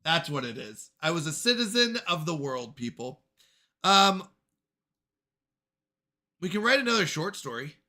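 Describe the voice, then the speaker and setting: A man's voice: fairly high pitch, big pitch swings, a little slow, long pauses, sharp tone. A man from the United States streaming a game, chatting casually and rambling as he answers viewers' questions aloud. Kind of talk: casual gaming livestream chat.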